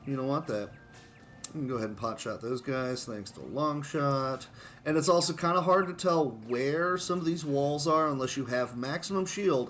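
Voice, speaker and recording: A man's voice: medium pitch, a bit bright, slight background noise. A man giving casual, self-mocking commentary on his own speedrun of a shooter game, chuckling often.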